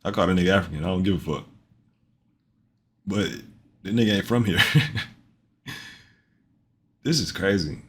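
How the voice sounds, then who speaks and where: A man's voice: sits low, a little fast, pauses often. A man streaming live, commenting on a video in a loose, joking and profane way, often repeating himself.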